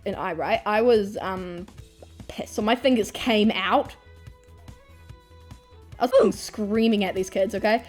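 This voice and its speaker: A young woman tells a storytime vlog, animated, laughing often and swearing freely. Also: medium pitch, measured pace, long pauses, faint music behind. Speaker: vlogger.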